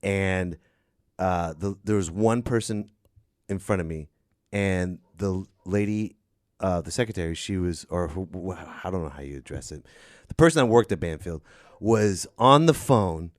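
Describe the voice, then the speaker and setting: Male podcast host, easy laughter, animated storyteller, dry sound. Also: low voice, a little slow, no echo. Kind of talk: casual podcast chat.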